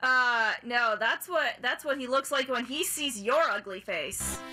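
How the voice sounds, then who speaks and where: A woman's voice: a little high, unhurried, over music, rough recording. A woman chiming in on a gaming video with dry, teasing remarks. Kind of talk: casual teasing chat.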